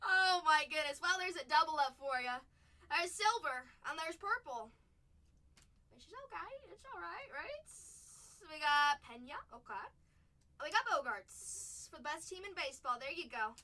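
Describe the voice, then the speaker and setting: A woman hosting a live card break, chatting playfully and muttering asides between excited calls, a little distant from the mic. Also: extremely high pitch, measured pace, long pauses.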